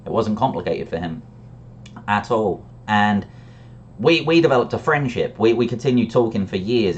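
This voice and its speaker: A man's voice: fairly low pitch, highs cut off, slight background noise. A man telling a personal story in a reflective, candid way, often restarting his sentences. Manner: reflective and candid, with frequent restarts and brief laughs.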